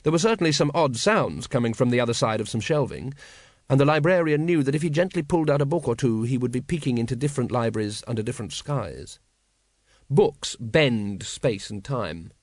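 A man narrating an audiobook in a measured, wry storytelling manner. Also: mid-range voice, a little mellow, dry recording.

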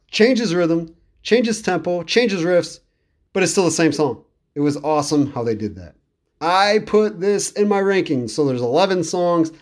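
This podcast host's voice is fairly high-pitched with a darkish tone, and he speaks slightly raised and relaxed. His talk meanders with enthusiasm, words repeated for emphasis, much like a laid-back music review monologue.

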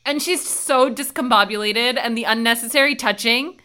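Woman podcast co-host, bright and smooth voice, animated casual recap, acts out scenes. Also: a little high, normal speed.

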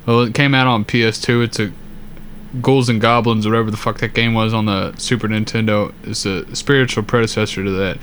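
A man's voice: lowish voice, steady tone, fairly quick, a bit bright, a little hiss or hum. A man co-hosting a podcast in casual chat, telling stories in a laid-back, profane way with frequent laughs. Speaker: podcast co-host.

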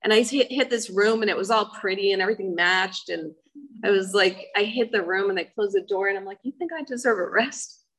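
A woman's voice: medium pitch, steady tone, brisk, fairly bright tone, rough recording. A middle-aged woman giving a personal testimony talk, earnest and emotional, with many fillers. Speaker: speaker sharing her life story.

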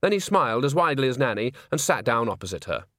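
Brief: male audiobook reader, lively pitch, dry close sound. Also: quick pace, no echo. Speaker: audiobook narrator. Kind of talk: audiobook narration.

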